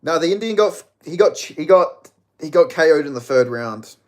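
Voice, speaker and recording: Excitable Australian man reacting to fights. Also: fairly high pitch, moderate pace. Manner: excitable, profane, shouts at big moments. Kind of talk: live watch-along fight reaction.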